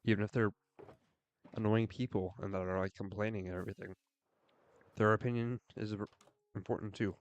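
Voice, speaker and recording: A man's voice: fairly low pitch, fairly even intonation, fairly quick, pauses often, muffled recording. A young man streaming a game and talking in an earnest, rambling way, full of fillers. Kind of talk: casual rambling chat while gaming.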